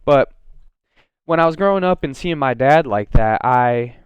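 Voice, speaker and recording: Smooth-voiced man rambling on a podcast. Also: mid-range voice, expressive, measured pace, dry recording, dull audio. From Oregon, USA. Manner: rambling, many fillers and restarts, self-corrections. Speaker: podcast host. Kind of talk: casual solo podcast monologue.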